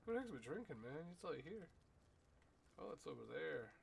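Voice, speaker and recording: A man's voice: a little high, sing-song, normal speed, creaky, a little hiss or hum. A man streaming a game in casual commentary, chatting playfully to the characters on screen with lots of little exclamations.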